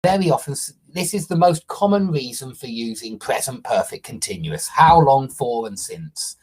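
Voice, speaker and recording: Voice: medium pitch, moderate pace, a little mellow, slightly rough. An English grammar teacher explaining a tense step by step, stressing key points and often checking in with "okay?" or "yeah?".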